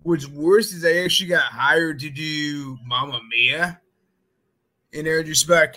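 A man chats loosely, piling up fillers as he spins rambling comic stories. His voice sits a bit high and sounds very bright and forward. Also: unhurried, poor audio. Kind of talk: casual podcast chat.

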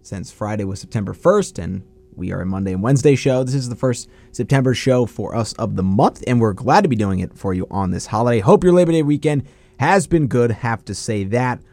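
A young man hosting a student sports radio show, upbeat and quick to run through the rundown. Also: mid-range voice, lively intonation, a little mellow, no room sound. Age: young adult. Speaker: host.

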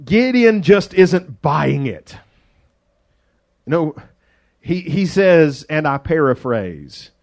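A man's voice: fairly high pitch, very animated, takes it slowly, pauses often, a little mellow. Joking, conversational male pastor preaching. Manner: conversational and joking, acts out quoted voices. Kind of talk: sermon.

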